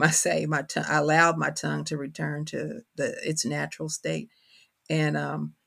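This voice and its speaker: Middle-aged Kentucky-accented woman, gravelly tone, reflective and halting interview guest. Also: deep voice. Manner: thoughtful, halting, with frequent fillers and restarts. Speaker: poet and professor, interview guest.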